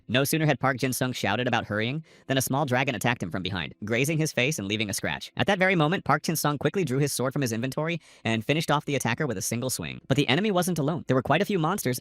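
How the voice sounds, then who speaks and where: A man narrates a comic-book story recap at a brisk clip, reading every character's lines himself. His scripted reading has a slightly uneven, machine-like stress. The recording is dry and close, with no room sound. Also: mid-range voice, fairly bright tone, dry recording. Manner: reads all characters' lines in a lightly varied narrator voice.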